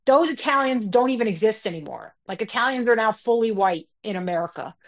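A woman's voice: on the high side, lively intonation. A woman comedian telling a story in blunt, candid conversation, her talk full of fillers. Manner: blunt and fast-flowing, with many fillers.

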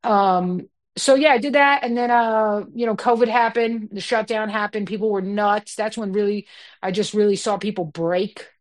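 A woman's voice: medium pitch, fairly even intonation. A woman comedian telling a story in blunt, candid conversation, her talk full of fillers. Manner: blunt and fast-flowing, with many fillers.

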